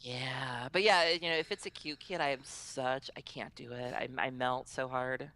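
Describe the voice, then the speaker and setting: A woman guest on a podcast telling stories in casual chat, animated and acting out other people's voices. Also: a bass voice, moderate pace, slight background noise.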